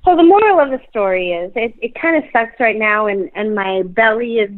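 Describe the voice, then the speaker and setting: A woman's voice: a little high, lively intonation, brisk. A woman in her thirties, heavily pregnant and out of breath, chatting casually and laughing often as she rambles. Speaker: dentist, podcast host. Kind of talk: casual chat. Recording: tinny phone-like line.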